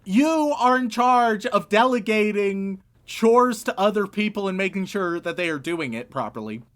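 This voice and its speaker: A man's voice: high-pitched, lively intonation, normal speed, a bit bright. A man co-hosting a casual comedy podcast, wry and profane as he hands out jokey tasks. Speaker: podcast co-host.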